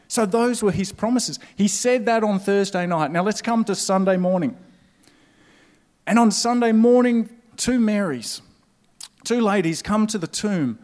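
A man with a fairly high voice delivers an Easter sermon to a large auditorium. He is playful, quizzing the audience and inviting them to call out answers. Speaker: pastor.

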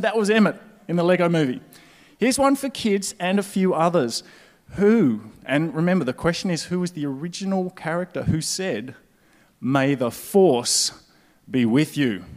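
A man preaching an Easter sermon in a large auditorium, playfully quizzing the audience. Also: on the high side. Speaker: pastor.

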